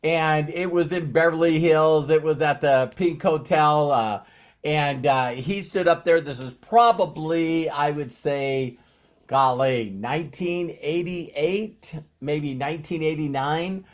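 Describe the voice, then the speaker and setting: Upbeat rambling man, higher voice. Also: slow. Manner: upbeat, rambling, with many fillers and restarts. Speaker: network marketing presenter. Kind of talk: live-streamed motivational talk.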